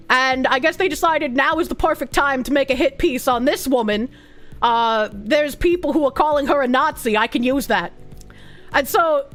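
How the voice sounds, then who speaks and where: Woman, Boston accent, casual stream chat, blunt, swears a lot, high voice.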